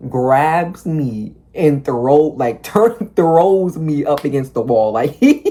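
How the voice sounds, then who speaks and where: A young man telling a storytime monologue in a rambling, animated way, packed with "like", profanity and slang, acting out the people in his story. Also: on the high side. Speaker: vlogger.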